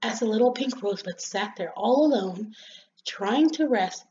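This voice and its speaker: A woman reading a children's story aloud in an expressive, gentle storytelling manner. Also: medium pitch, normal speed, a little hiss or hum. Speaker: storybook reader. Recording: slightly dull lo-fi recording.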